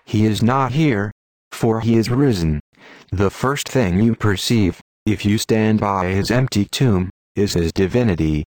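A man's voice: lowish voice, a little slow, a little mellow, dry recording. A man delivering an old-fashioned sermon in a solemn, declamatory way. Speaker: preacher. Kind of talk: Victorian sermon reading.

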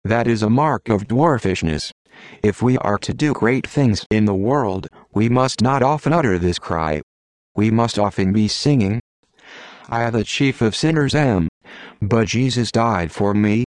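A man reading a sermon aloud in an earnest, measured, exhorting manner. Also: lowish voice, darkish tone, no room sound. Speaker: preacher. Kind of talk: read sermon.

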